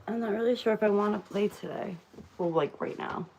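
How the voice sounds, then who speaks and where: Chatty just-woken woman with a gravelly voice. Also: mid-range voice, fairly quick, heavy background noise. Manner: rambling, chatty, many fillers and restarts. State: just woke up. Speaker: livestream host. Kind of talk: casual chat. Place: home room.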